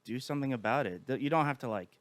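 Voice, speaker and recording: A man, a podcast guest, chatting casually and telling animated stories with acted-out quotes. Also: medium pitch, racing, dry recording. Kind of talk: casual chat.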